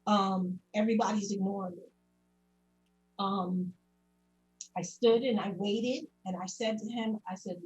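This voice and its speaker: Adult woman, public commenter, earnest first-person testimony, middle pitch. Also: steady tone, unhurried, pauses often, a little mellow, dull audio, soft background music. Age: adult parent. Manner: earnest, recounting events in detail with many quotes.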